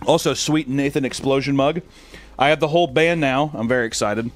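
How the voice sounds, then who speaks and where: A man's voice: mid-range voice, a little fast, soft background music. A young man streaming, reading out fan messages in a crude, joking, sarcastic casual chat.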